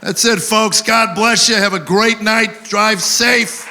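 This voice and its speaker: A man's voice: sits high, steady tone, slow, gravelly, bright, forceful tone, some chatter behind. A man performing a live stand-up routine at an awards show, telling wry stories and acting out voices for the punchlines. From Tennessee, USA. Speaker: stand-up comedian.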